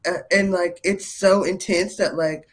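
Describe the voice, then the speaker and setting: A young woman from North Carolina, telling stories as a podcast guest in a lively way, full of fillers and laughs. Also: on the low side, a little slow, breathy edge. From North Carolina, USA. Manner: animated, laughs often, many fillers. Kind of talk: casual interview storytelling.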